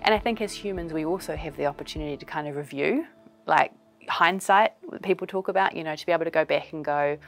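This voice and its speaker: A woman's voice: low voice, fast, soft background music. A woman with a New Zealand accent, a child and family psychologist, giving practical advice and acting out little examples. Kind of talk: explanatory talk to camera.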